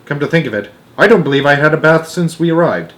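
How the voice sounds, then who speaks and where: A young man reading a children's novel aloud, expressive, with small slips and restarts. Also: fairly high pitch, fast. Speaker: storyteller.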